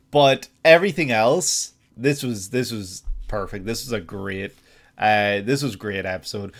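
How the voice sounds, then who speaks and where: A man with an Irish accent giving casual reaction commentary on an anime, gushing, laughing and thinking aloud with restarts. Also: medium pitch.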